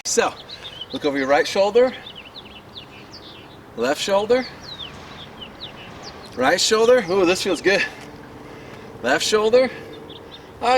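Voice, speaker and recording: A man coaching a sword fighting class outdoors in his neighborhood, upbeat and encouraging, counting out reps, a little winded. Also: on the high side. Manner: upbeat and encouraging, chatty with fillers. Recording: distant mic with loud street noise.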